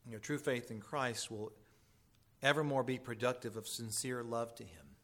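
A man's voice: medium pitch, normal speed. Earnest man preaching a sermon. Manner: earnest and pleading, swinging from loud emphasis to hushed intensity. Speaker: pastor.

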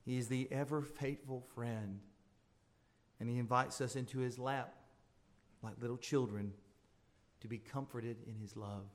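A man preaching a sermon as pastor, swelling into emphatic appeals and dropping into soft, intimate asides. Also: medium pitch, steady tone, measured pace, long pauses.

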